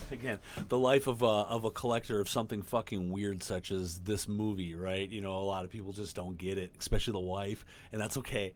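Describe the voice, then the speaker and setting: A man in his thirties hosting a casual solo podcast from home, rambling, swearing and getting excited. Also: lowish voice, brisk, few pauses, a little hiss or hum. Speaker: podcast host. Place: home room.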